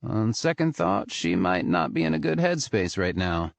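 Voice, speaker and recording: Male audiobook narrator, low voice, lively delivery, dry close mic. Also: normal speed, vocal fry, no room sound. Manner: lively, expressive storytelling. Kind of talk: scripted narration.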